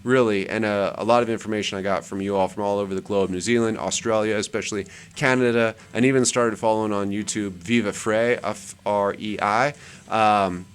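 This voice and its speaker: A man's voice: on the low side, steady tone, brisk, clean tone. A man hosting his channel, chatting casually while scrolling through web pages, rambling and repeating words for emphasis. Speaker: channel host. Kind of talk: casual screen-share commentary.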